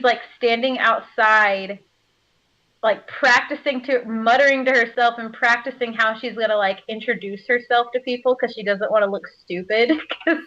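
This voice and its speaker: Woman voice actor, casual interview, bubbly, laughs often, fairly high voice. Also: fairly bright tone. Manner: bubbly, laughs often, lots of filler words. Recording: slightly muffled audio.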